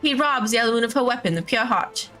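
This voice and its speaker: A woman voicing a pompous, long-winded male gentleman inspector in a video game. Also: a little high, animated, a little fast, faint music behind, rough recording.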